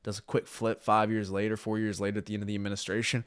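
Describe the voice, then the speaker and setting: Brash podcast co-host, fired-up and profane, slightly low voice, dry booth sound. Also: male voice, level tone, fast talker, clear, resonant tone, dry recording. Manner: brash, swears freely, hypes himself up. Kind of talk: casual podcast chat.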